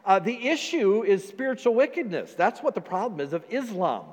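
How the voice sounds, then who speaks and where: A man's voice: high-pitched, very animated, normal speed, darkish tone, big-room sound. A man preaching as pastor in a conversational sermon, with frequent fillers and restarts.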